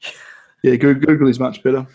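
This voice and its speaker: A man's voice: mid-range voice, level tone, fairly quick, dark tone. An Australian man hosting a casual live-stream chat, swearing freely and stumbling through restarts. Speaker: podcast host.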